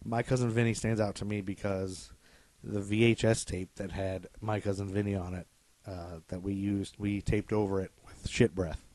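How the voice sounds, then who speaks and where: A man's voice: fairly low pitch, little pitch movement, moderate pace, a little mellow, no echo. A man co-hosting a casual podcast, joking and irreverent and happy to mock himself. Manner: joking, irreverent, self-mocking. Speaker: podcast co-host. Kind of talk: casual chat.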